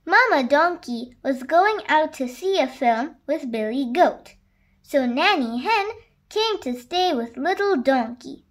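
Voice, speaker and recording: A woman gently reading a children's picture book aloud as the channel's storybook reader. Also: sits high, lively intonation. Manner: slow, gentle read-aloud.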